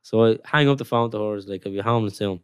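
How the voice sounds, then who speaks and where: Young male footballer, low voice, dry close sound, loose rambling chat. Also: fast talker, smooth, dry recording. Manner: rambling storytelling with many "like"s. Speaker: professional footballer. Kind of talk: casual podcast chat.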